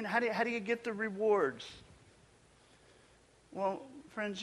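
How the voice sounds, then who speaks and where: A male pastor preaching a sermon with emphatic delivery, building to loud peaks and then dropping almost to a whisper. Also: high-pitched, expressive, a little slow, pauses often, in a large hall.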